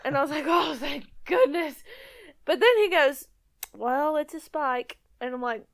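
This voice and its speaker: A woman retelling her own hunting story on a podcast, with frequent laughs and an animated manner. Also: high-pitched, unhurried, gravelly. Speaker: podcast guest and cohost. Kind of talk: casual storytelling chat.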